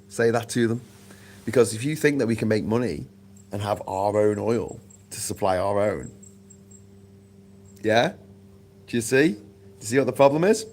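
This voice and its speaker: A man hosting a casual livestream chat, rambling and swearing freely. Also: fairly low pitch. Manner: rambling, sweary, animated asides. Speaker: livestream host.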